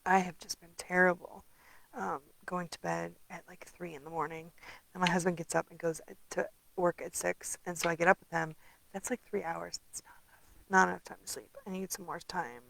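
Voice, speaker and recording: A woman's voice: on the low side, little pitch movement, brisk, gravelly, fairly bright tone, slight background noise, low-quality recording. A middle-aged woman chatting casually through a craft tutorial, tired and rambling with many ums. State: tired, yawning. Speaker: papercraft demonstrator.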